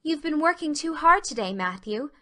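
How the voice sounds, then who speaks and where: A woman playing an earnest young girl, eager and warm-hearted, with a bright, ringing tone pitched a little high. She talks in an expressive, heartfelt way, as in a storybook drama. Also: normal speed. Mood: wistful. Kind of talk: full-cast audiobook drama.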